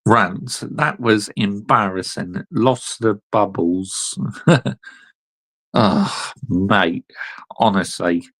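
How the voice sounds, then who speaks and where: A man's voice: fairly low pitch, extremely slow, a bit bright, low-quality recording. A young man hosting a casual football reaction chat, laid-back and amused. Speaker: host.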